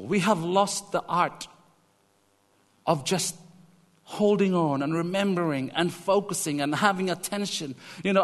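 A man preaching a sermon, animated and emphatic, repeating key lines. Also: high-pitched, big-room sound. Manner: animated storytelling, emphatic repetition.

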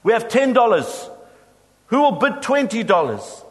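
Man doing a pushy auctioneer, high raised voice, loud, calling out, echoey hall. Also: sing-song, unhurried, full character voice. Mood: insistent. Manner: insistent, calling out. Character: insistent male auctioneer calling for bids.

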